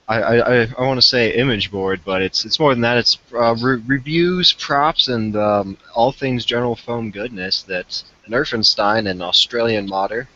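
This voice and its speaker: Man with a bright, forceful voice. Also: mid-range voice, unhurried. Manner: relaxed, self-deprecating, hesitant with fillers. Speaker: podcast guest. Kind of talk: casual podcast chat. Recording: dull lo-fi remote call audio.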